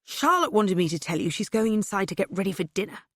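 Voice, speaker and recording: Fields: Sex: man, read by a woman. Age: middle-aged. Figure: genteel aristocrat. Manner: polite, measured, reassuring. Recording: dry. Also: mid-range voice, animated, fairly bright tone, dry recording. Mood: courteous.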